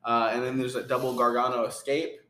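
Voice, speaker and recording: A man's voice: mid-range voice, flat delivery, fairly quick, a bit bright. A young man with a mid-range voice talks through a wrestling match move by move, rambling and filling gaps with ums and uhs. He sounds like he is in a roomy space with noticeable echo. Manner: rambling play-by-play, many fillers and laughs. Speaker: podcast co-host recapping wrestling. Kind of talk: casual chat.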